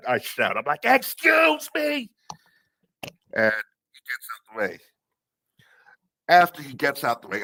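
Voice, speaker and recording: A man's voice: medium pitch, a bit bright, dry recording. A young man calling in to tell a rambling work story, laughing often as he talks. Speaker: caller. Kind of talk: casual storytelling.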